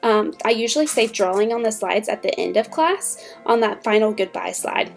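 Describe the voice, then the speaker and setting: A woman's voice: mid-range voice, normal speed, gravelly, soft background music. Upbeat woman teacher explaining classroom tips. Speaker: online ESL teacher. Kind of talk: instructional talk to fellow teachers.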